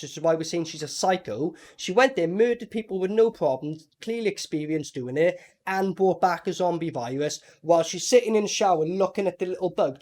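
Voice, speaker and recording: A man casually reviewing a film with a co-host, animated and mocking, swearing often. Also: a little high. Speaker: movie reviewer. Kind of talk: casual movie review chat.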